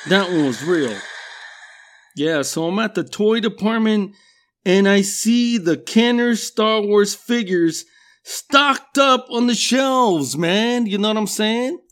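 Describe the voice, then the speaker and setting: A man's voice: sits high, takes it slowly, fairly bright tone. A middle-aged man from a Mexican-American background telling casual, profane stories in a rambling way, laughing at himself. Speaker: storyteller.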